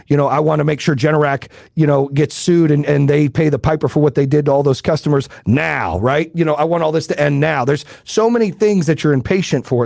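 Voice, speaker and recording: A man's voice: medium pitch, gravelly, darkish tone, no room sound, clean studio sound. A middle-aged man hosting a live-stream podcast, giving blunt, profane motivational advice and talking straight to his listeners with rhetorical questions. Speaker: podcast host and business coach.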